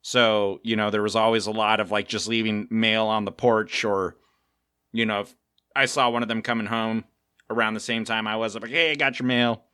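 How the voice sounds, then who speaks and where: Co-hosting a podcast, a middle-aged man from South Africa spins animated, casual stories and performs the quotes of the characters in them. His clean-toned voice is on the low side, at a normal pace, recorded dry in studio quality.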